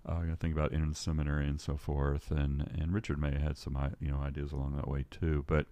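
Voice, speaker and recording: A man's voice: extremely low pitch, little pitch movement, fast talker, dark tone, no room sound. An older man telling a story as a podcast guest, rambling and restarting his sentences. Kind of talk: storytelling in casual conversation.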